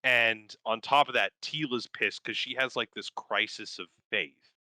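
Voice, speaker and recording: Bright, crisp-voiced man in casual chat. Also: mid-range voice, a little slow, no echo, rough recording. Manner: profane, enthusiastic, rambling with fillers. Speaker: podcast co-host. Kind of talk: casual chat, recapping a cartoon series.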